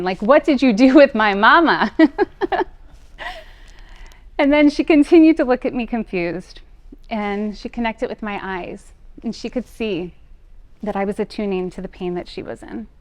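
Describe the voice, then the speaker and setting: A middle-aged woman, a parent coach, telling a personal story in an earnest, gentle way. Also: mid-range voice, dry recording. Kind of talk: personal talk.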